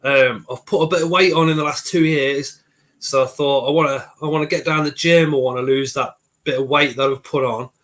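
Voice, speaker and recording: A man's voice: medium pitch, fairly even intonation, fairly quick, fairly bright tone. A man, hosting a casual live stream from his kitchen, greeting viewers by name while getting over a cold. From Coventry, England. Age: 40s. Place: home kitchen.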